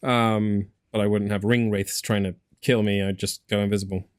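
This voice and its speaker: A man's voice: on the low side, level tone, moderate pace. A man with an English accent, hosting a casual gaming podcast and rambling with lots of fillers and restarts. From England. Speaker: podcast host. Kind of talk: casual chat.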